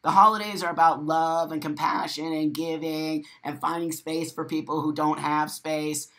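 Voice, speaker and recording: A man's voice: on the high side, normal speed. A man hosting a live morning stream, reading viewer comments aloud and reacting to them with emphatic, profane, repetitive talk. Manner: animated, with sudden loud exclamations. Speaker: host of a live morning show.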